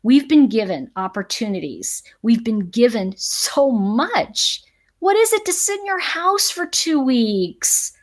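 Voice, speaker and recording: A woman's voice: on the high side, very animated, takes it slowly. A middle-aged woman talks to her viewers on a casual live stream. She speaks with emphasis and laughs often between her points. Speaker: livestream host.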